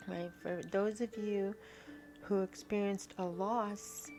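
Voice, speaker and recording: A woman tarot reader speaks slowly to her viewers, her voice full of gravelly fry. She stops and restarts often and keeps asking "right?". Soft music plays faintly under her reading. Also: mid-range voice, fairly even intonation. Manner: halting, repeats herself, frequent "right?". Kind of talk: spiritual card reading to viewers.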